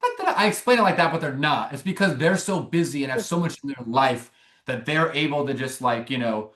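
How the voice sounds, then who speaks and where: A young man, a filmmaker guest, telling a long story in a rambling, animated way with many restarts. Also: mid-range voice, brisk, reverberant. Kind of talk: casual interview storytelling.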